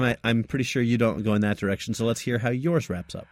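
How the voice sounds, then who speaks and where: A man from the United States co-hosting a casual podcast, bantering in an animated way. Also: mid-range voice, moderate pace, dry recording, clean studio sound. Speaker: podcast co-host.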